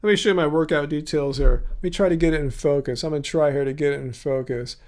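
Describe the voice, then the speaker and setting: This livestream host, a man in his fifties from California, talks quickly in a steady, slightly high voice with a darkish tone. His chat wanders, and he reads out viewer comments and thanks viewers by name.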